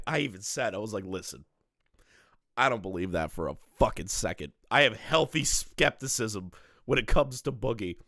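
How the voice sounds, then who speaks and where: A man's voice: mid-range voice, bright, forceful tone, no room sound, clean studio sound. A man hosting a reaction commentary, ranting, swearing and laughing often, his voice strained. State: strained voice, not back to normal. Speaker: commentary host.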